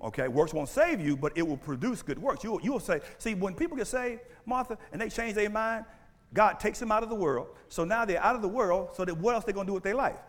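High-voiced preacher guy, super lively, keeps asking the crowd "you got it?", long church hall echo. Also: a little fast. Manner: animated preaching with call-and-response questions. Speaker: pastor. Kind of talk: sermon. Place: church sanctuary. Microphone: handheld or stand mic.

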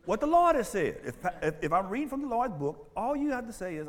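A male pastor preaching a sermon in church on a mic, animated and full of call-and-response questions. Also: sits high, fast, in a large hall. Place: church sanctuary. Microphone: handheld or stand mic.

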